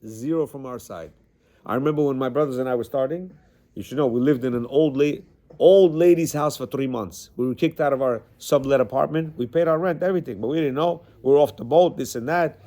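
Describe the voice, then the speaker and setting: A man teaching a class to a small group of men, talking in an animated, conversational way and repeating his words as he goes. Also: medium pitch, a little fast. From Central Asia, Bukharan Jewish family. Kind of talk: lecture with stories.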